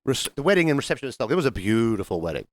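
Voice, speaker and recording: A man's voice: mid-range voice, sing-song, racing, dry recording. A man co-hosting a podcast, joking with crude one-liners in casual banter. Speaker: podcast co-host.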